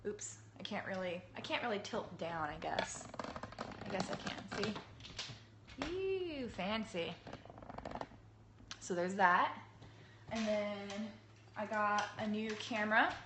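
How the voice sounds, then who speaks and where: Thirties woman, husky cold-roughened voice, casual livestream host, mid pitch, light background noise. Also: lively intonation, slow pace, long pauses. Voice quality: husky, low. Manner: chatty, laughing, greets viewers by name. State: hoarse from a cold. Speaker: cake artist hosting a livestream. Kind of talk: casual live-stream chat. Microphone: phone livestream.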